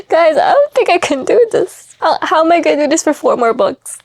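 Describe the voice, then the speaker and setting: A high-voiced young woman talks straight into a close mic in a dry, deadened space. She gushes and laughs between thoughts as she reacts to what she reads, caught up in her feelings. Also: expressive, a little fast, few pauses, a little mellow, dry recording. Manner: emotional, gushing, laughing between lines. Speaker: book vlogger. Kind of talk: casual reading vlog chat.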